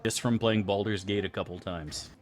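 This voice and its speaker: A man's voice: fairly low pitch, fairly even intonation, normal speed, a little hiss or hum. A man casually commenting on his gameplay for viewers, joking and crude. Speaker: streamer.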